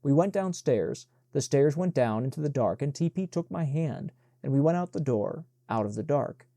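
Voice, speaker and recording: A man narrating an audiobook in an even, measured reading. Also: a little high, creaky, no echo, studio quality.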